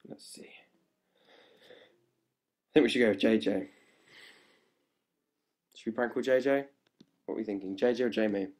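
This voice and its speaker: A young man chatting live to fans on a webcam at home, hyper and playful and growing louder as he goes. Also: fairly low pitch, unhurried, pauses often. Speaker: livestream host answering fan questions. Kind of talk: casual live webcam chat. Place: indoors at home. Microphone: laptop webcam mic.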